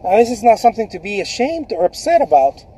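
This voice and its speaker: A man talks animatedly and emphatically in a casual motivational way, often repeating words. His voice is pitched high. A faint hum of noise sits behind him. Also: big pitch swings, fast, mellow. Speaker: artist.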